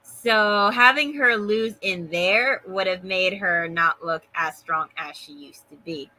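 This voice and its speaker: Sassy woman co-host, bright voice. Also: fairly low pitch, slow, low-quality recording. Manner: sassy, emphatic. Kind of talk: casual chat.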